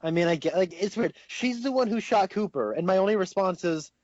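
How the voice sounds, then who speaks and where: A young man co-hosting a casual podcast chat, rambling and excitable, laughing often. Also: sits high, fairly quick, no echo, highs cut off. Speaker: podcast co-host.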